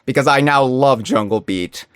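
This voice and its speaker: A man's voice: medium pitch, moderate pace, clear, resonant tone, dry recording, studio quality. Earnest man explaining at length. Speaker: podcast guest. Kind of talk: casual podcast chat.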